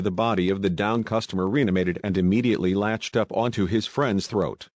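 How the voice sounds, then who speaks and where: A man narrating an audiobook in steady, even scripted storytelling. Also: on the low side, brisk, few pauses, no echo.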